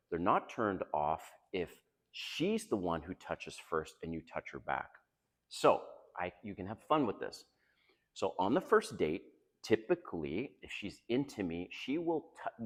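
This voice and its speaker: A low-voiced man talks through dating advice in a chatty, confiding way, his pitch swinging up and down as he goes. He laughs often between points. A long hall reverb trails behind every line. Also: huge pitch swings, measured pace. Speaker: dating coach. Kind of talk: casual advice monologue.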